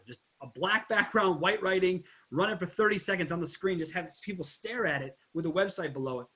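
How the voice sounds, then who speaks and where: High-voiced man hosting a podcast. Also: fast. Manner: animated storyteller who swears freely. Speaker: podcast host. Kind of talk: casual interview chat.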